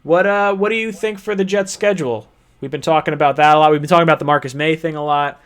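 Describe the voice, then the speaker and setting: A man's voice: on the high side, fast talker, fairly bright tone, clear, resonant tone. A man hosting a casual sports talk show, chatty, laughing easily and rattling off player names and ages. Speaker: podcast host.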